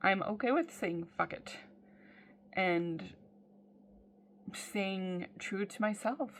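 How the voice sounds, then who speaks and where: A woman's voice: medium pitch, fairly bright tone. Blunt, swearing woman vlogger. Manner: blunt, swears freely, many "um" fillers. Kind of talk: casual personal video diary.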